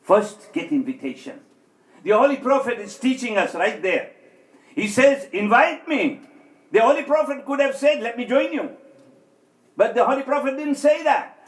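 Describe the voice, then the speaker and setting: A man with a high voice gives a sermon in a large hall, and the room is roomy and echoing. He tells stories and acts out each speaker, rising and falling sharply in pitch and volume. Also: big pitch swings, normal speed. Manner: tells stories, acting out quoted speech with swings of pitch and loudness. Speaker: speaker at an Islamic center. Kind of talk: sermon with storytelling. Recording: echoey hall.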